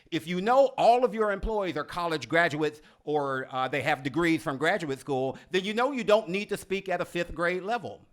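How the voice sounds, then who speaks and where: Animated man coaching on leadership. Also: high voice. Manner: expressive teacherly delivery, slows for emphasis. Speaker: leadership coach and video series host. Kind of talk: scripted instructional talk to camera.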